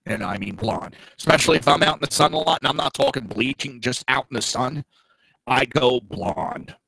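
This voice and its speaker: Blunt, gravelly-voiced male talk host. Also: mid-range voice, normal speed, sharp tone, no echo, poor audio. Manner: blunt and profane, with mocking asides. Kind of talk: opinionated political talk.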